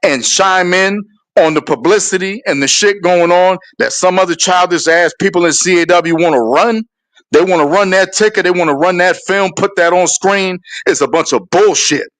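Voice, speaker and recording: Guy ranting on his stream, kinda high voice, cussing and fired up. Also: moderate pace, a bit bright. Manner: profane, heated, drawling. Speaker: show host. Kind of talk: ranting live stream talk.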